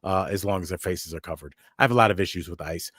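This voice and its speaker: A man co-hosting a news and comedy podcast talks casually and quickly, his low voice a bit bright, with lots of fillers and restarts. The studio-quality recording has no echo.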